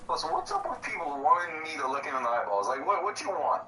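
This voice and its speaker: A man's voice: on the high side, wildly swooping pitch, a little fast, sharp tone, distant mic. A man talks over a video game in casual chat, venting and ranting with plenty of animation. He sits well back from the mic in a roomy space, and a faint noise hums behind him. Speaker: gaming channel co-host. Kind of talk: casual let's-play chat.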